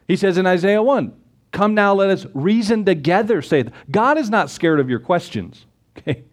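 Here the male pastor's intonation is lively and his pace moderate. He cites scripture, asks rhetorical questions, and shifts from booming emphasis to soft conversational remarks.

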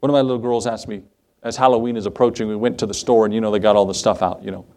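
A man preaching a sermon as pastor, animated, with rhetorical questions and conversational asides. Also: fairly low pitch, rapid-fire. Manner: animated preaching that acts out the quoted voices.

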